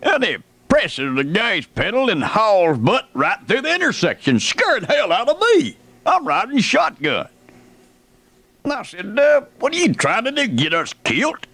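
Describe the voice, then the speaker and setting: A man's voice: high-pitched, huge pitch swings, a little slow, pushed and bright, no echo, exaggerated voice. A man playing an indignant folksy redneck who rants about dumb neighbors. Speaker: radio comedian.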